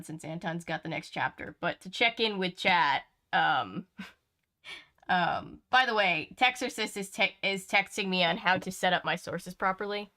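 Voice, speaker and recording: A woman's voice: fairly low pitch, pushed and bright. A woman hosting a casual live stream, upbeat and giggly as she chats and checks in with viewers. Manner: giggly, upbeat, reads chat aloud. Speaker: stream host.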